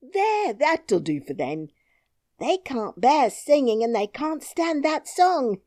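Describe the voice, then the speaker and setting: A woman's voice: high-pitched, sing-song, slow pace, darkish tone, no room sound, pitched above the performer's own voice, full character voice. A woman voicing a brave, cheerful twelve-year-old miner boy who talks boldly and plainly. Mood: frank. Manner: bold, singing taunts, plain-spoken.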